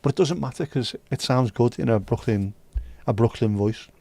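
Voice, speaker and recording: A man's voice: medium pitch, normal speed, vocal fry, dark tone, dry recording. A man hosting a live stream, chatting casually and joking with viewers as he reads their messages. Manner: chatty, joking, banters with chat and sings snatches. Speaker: livestream host reading chat. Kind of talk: casual chat.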